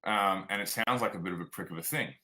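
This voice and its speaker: A man's voice: sits low, quick pace, sharp tone, rough recording. A man with an Australian accent, telling stories frankly as a guest in a casual interview. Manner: frank and plainspoken, drops "like" and "man". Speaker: guest, performance coach.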